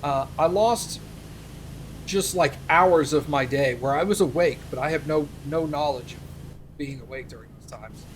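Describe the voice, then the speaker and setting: A man's voice: a little high, unhurried, slight background noise. A young man, a streamer, telling a rambling story in casual chat, with plenty of fillers. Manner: rambling anecdote with many fillers.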